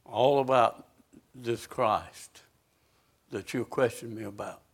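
Man preaching a sermon; unhurried, pointed delivery, leaning on each phrase, mid-pitched voice. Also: husky. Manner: slow, emphatic scripture reading with rising intensity; asks the congregation direct questions.

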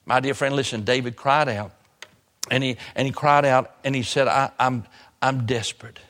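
A male pastor preaching a sermon in a church, repeating phrases and slowing down hard for emphasis. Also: mid-range voice, fairly even intonation, fairly bright tone. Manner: preaching with repetition and sudden slow emphasis. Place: church sanctuary. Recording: long hall reverb.

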